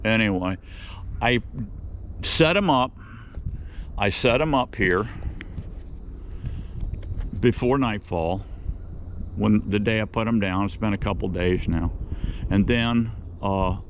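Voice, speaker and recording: A man with a lowish voice talks to his viewers from outdoors on his own property. He rambles in a folksy, down-home way, often circling back and repeating himself as he goes. It sounds like an unscripted vlog monologue from someone hosting his own channel. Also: slow, pauses often, highs cut off, slight background noise. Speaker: beekeeping channel host.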